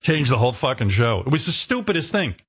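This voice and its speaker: A male radio host spins a long, exasperated story in loose conversational chat, cursing freely and mocking himself. He sits at a middling pitch but keeps jumping up to voice the people around him. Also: sing-song, fairly bright tone, slightly rough. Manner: profane, exasperated, self-mocking; acts out quoted people with quick pitch jumps.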